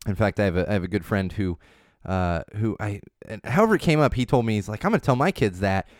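This podcast host, a man in his thirties, has a lowish voice and talks fast in a casual chat. Full of restarts and laughter, he becomes emphatic when pressing a point, captured in a studio-quality recording without echo.

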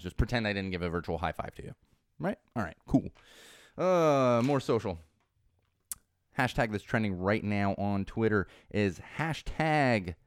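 A man hosting a casual talk show, chatty and animated, with frequent fillers and chuckles, close to the mic. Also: fairly low pitch, smooth, no room sound. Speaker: podcast host. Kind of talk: casual chat about trending topics.

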